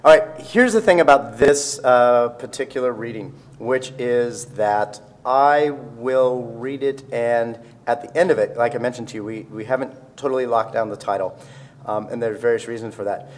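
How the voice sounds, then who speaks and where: A man's voice: medium pitch, a little hiss or hum. A man speaking as an author at a public reading, chatting casually and joking at his own expense before reading. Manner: self-deprecating, joking, quick asides. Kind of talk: casual talk to a live audience.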